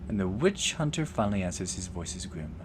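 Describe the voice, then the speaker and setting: A man's voice: low voice, very animated, fairly quick, noisy background. A man reading a game's story aloud as narrator, dropping casual asides in between. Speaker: let's play host.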